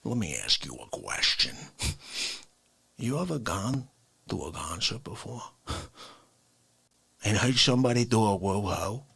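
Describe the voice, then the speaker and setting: A man putting on an indignant Italian tough guy from the Bronx, ranting slowly and dropping from shouts to hushed whispers. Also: lowish voice, animated, vocal fry, breathy edge, dry recording, full character voice. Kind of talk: comedic character monologue.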